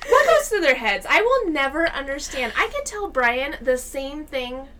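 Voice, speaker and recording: A woman joining a casual podcast chat, animated and self-mocking as she jokes about her husband. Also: sits high, moderate pace, slight background noise. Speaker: podcast guest co-host.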